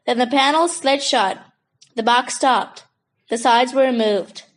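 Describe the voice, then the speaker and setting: Steady children's audiobook narrator, woman, bright high register. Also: measured pace, rough recording. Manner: steady storytelling. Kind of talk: scripted children's book narration.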